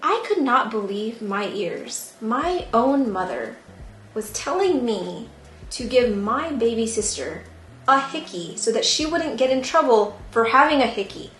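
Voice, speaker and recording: A woman's voice: on the high side, a little slow. A tipsy young woman telling a story animatedly at home, full of "like", while she repots plants. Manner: animated, filler-heavy "like" storytelling. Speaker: plant vlogger. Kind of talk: casual storytelling. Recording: echoey room with background music.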